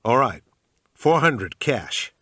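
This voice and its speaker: A man's voice: mid-range voice, sing-song, slow, bright, forceful tone, breathy edge, no room sound, clean studio sound, pitched above the performer's own voice, heavily acted. A man voicing a terse male agent who haggles in a bad put-on American accent. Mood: clipped. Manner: clipped, businesslike.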